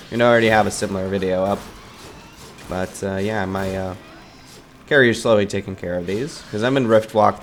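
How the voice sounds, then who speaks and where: A man's voice: fairly low pitch, a little hiss or hum. A man giving loose, rambling gameplay commentary, swearing casually and joking at his own expense. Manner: self-mocking asides.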